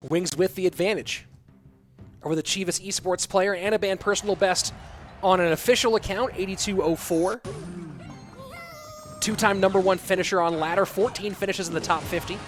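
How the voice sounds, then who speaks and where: High-voiced hype esports caster over music. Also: male voice, normal speed. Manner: excitable play-by-play with hype bursts. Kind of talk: live game commentary mixed with chat replies. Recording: game music clearly behind.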